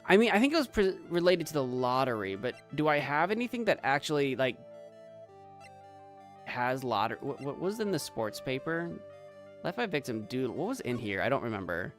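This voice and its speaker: A man streaming a game, giving playful, animated commentary and bantering with his chat. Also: medium pitch, a little fast, faint music behind. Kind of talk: let's play commentary.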